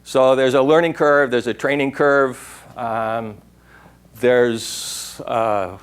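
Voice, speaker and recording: A man's voice: mid-range voice, fairly even intonation, slow, clear, resonant tone. An older man giving a workshop talk in a lecture room, rambling and digressive, now and then imitating an owl's call. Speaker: workshop speaker. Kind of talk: conference talk.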